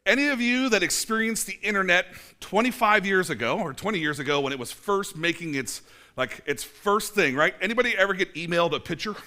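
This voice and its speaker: A man's voice: high voice, fairly quick, pushed and bright. A man in his forties, a pastor preaching a casual sermon in a church, chatty, with many fillers and restarts and dry self-mocking asides. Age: 40s. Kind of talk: conversational sermon.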